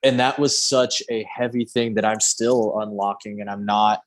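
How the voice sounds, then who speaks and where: A man's voice: lowish voice, fairly even intonation, moderate pace. A man hosting a casual talk show, a tattoo artist speaking candidly and swearing freely, acting out what people said to him. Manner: candid, swears freely, acts out quoted remarks. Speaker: podcast host, tattoo artist. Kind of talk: casual chat.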